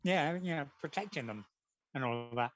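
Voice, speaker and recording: A man's voice: mid-range voice, lively intonation, a little fast, a bit bright, no room sound, dull audio. A man, a comic artist guest, chatting casually and telling rambling anecdotes, acting out what people said.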